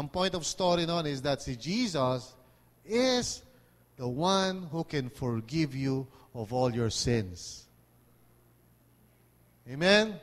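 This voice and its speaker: A man's voice: a little high, big-room sound. A man with a Filipino accent preaching a sermon, often checking in with his listeners by asking for an amen. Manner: mixes English and Tagalog, asks "di ba?" and "amen?" often. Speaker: pastor.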